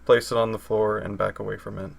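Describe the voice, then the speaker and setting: A man playing a cautious scientist character in a tabletop game, measured. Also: on the low side, flat delivery, gravelly. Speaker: player.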